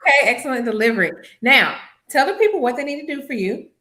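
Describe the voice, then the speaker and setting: A woman hosting an online contest over a video call, upbeat and quick with praise. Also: high voice, expressive, bright, forceful tone. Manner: upbeat, repeats praise words. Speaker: host.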